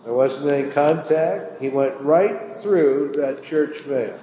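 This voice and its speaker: A man's voice: on the high side, slow pace, warm tone. An older man preaching a sermon, telling a story in a folksy, plain-spoken way. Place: church hall. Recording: echoey hall, faint room noise.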